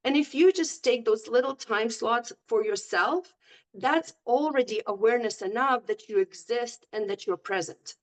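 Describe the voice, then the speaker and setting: A woman's voice: a little high, normal speed. Upbeat middle-aged woman telling stories. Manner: storytelling, upbeat and encouraging. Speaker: guest coach. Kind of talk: conversational podcast interview.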